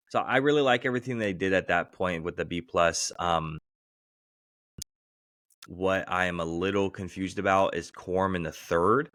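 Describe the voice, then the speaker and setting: A man co-hosting a podcast, talking casually about football picks in a relaxed way. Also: low voice, no room sound. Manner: relaxed, acts out quoted voices with laughter. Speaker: podcast co-host. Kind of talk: casual sports chat.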